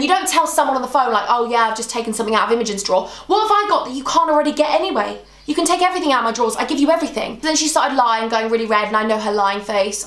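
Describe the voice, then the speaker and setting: Expressive woman telling a story. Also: on the high side. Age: 20s. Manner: emotional, re-enacts conversations. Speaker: YouTuber. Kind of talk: storytime vlog. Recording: roomy, echoey room.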